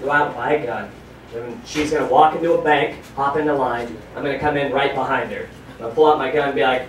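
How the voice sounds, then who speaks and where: A man performing a stand-up comedy set on a club stage, animated and profane, shouting his punchlines. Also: medium pitch, fast talker. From United States. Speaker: stand-up comedian hosting a show. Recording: very echoey club audio, from far off.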